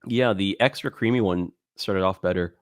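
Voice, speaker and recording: A man co-hosting a podcast in casual chat, reading ingredient labels aloud with halting fillers. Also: low-pitched, no echo, clean studio sound. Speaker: podcast co-host.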